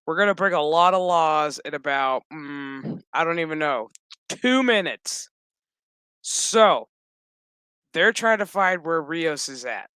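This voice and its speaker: A man's voice: fairly high pitch, unhurried, clear, resonant tone, dry recording. A man casually recapping a TV episode, swearing freely and joking as he goes. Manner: profane, joking, animated storytelling. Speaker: show recap host.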